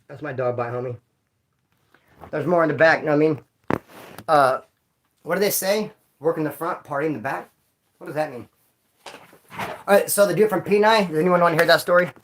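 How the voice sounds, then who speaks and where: Slangy man spinning animated stories. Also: on the high side, a little hiss or hum. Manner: slangy, animated, acts out sounds and voices. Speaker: livestream host telling prison stories. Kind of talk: casual storytelling to a live audience.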